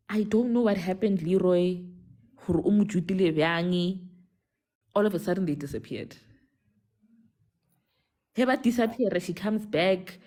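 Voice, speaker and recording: A young South African woman telling a personal story on a live call, animated, code-switching between English and a local language. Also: mid-range voice, normal speed, pauses often. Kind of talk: casual storytelling on a live stream.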